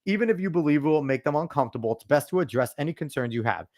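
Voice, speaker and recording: Male podcast host, a bit high-voiced, blunt and foul-mouthed, pitch leaping all over while he rants. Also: animated, very fast, a little mellow. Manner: blunt, profane ranting; emphatic, lectures the listener. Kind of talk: casual podcast commentary.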